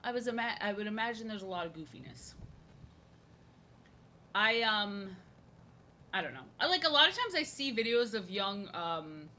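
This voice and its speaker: Woman, live-stream artist, casual rambling chat, jokey, repeats herself, sharp bright tone. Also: mid-range voice, sing-song, moderate pace, pauses often, slight background noise.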